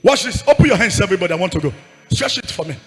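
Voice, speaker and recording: A Nigerian man preaching a sermon to a congregation in Nigerian English, shouting repeated lines and calling for responses. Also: sits high, big pitch swings, very fast, in a large hall, soft background music. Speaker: evangelist preacher. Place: church service with congregation.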